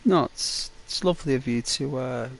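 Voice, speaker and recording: A man's voice: mid-range voice, moderate pace, creaky. A man chatting casually and playfully with his live viewers as a game streamer, teasing them and rambling with lots of fillers.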